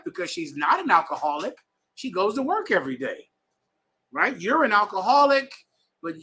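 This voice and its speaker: A man's voice: sits high, pushed and bright. A man teaching a scripture class to a live audience, lecturing in a preachy way and checking in with repeated questions.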